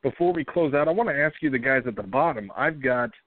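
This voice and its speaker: A male podcast host talks through a sports offseason in a casual, emphatic way, getting lively when he jokes. His voice sits in the middle range. The sound is dry and tinny, like a phone line. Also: mid-range voice, fast talker, no room sound. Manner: energetic, emphatic, animated when joking.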